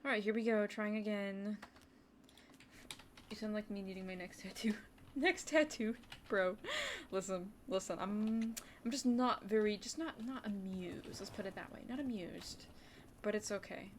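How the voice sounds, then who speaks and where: A chatty woman streamer talks through her game at a desk mic, in a mid-range voice that addresses her viewers directly. She keeps up a loose, running commentary and slips into quick whispers now and then. Faint keyboard typing runs underneath. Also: medium pitch, steady tone, slight background noise. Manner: chatty, talks to chat, drops into brief whispered asides. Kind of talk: casual gaming livestream commentary.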